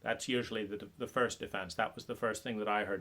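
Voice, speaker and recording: A man giving an impassioned, sarcastic monologue about trauma recovery, halting often with fillers and restarts. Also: lowish voice, fairly even intonation, pushed and bright. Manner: sarcastic, mocks others in put-on voices.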